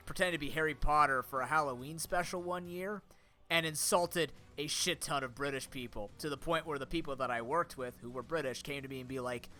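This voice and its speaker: A man's voice: a little high, fairly quick, sharp tone, soft background music. A young man with a sore throat, chatting on stream in a rambling, off-the-cuff way, full of fillers and restarts. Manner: talks to chat and friends off-mic. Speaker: streamer and content creator. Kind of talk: casual live-stream chat.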